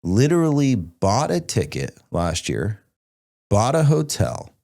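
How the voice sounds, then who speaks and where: A young man hosting a podcast in casual chat, talking in an animated, emphatic way with lots of "like". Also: on the low side, slow pace, vocal fry. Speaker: podcast host.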